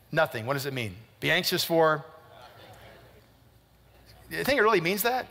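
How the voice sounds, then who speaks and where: A man's voice: on the high side, bright, forceful tone. A middle-aged man preaching a sermon to a congregation, emphatic, repeating phrases and asking them questions. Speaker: pastor. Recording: long hall reverb.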